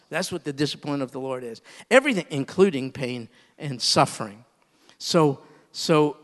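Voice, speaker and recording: Emphatic preacher in a reverberant hall. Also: male voice, on the high side, fairly bright tone. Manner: storytelling, rising to emphatic pleas. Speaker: pastor. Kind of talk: sermon.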